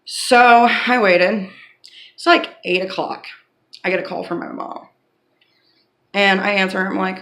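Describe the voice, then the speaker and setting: Bright-voiced woman telling a candid story. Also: mid-range voice, unhurried, long pauses. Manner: candid, blunt, with swearing. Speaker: vlogger. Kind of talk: casual storytelling to camera.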